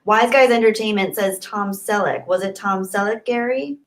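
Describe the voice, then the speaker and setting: A bubbly young woman hosts a casual livestream and chats warmly with her viewers. She gushes over their messages in a mid-pitched voice and thinks aloud as she scrolls. Her talk is excitable and loose, with lots of thanks. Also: moderate pace. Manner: chatty, thinks aloud while reading the chat. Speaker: livestream host. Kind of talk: casual live chat, reading super chats.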